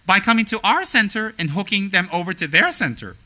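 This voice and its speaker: A man teaching as a spiritual teacher, blunt and straightforward, animated as he acts out the people he talks about. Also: high voice, fairly quick, poor audio. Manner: animated, mimics people in quoted asides. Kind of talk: dharma talk.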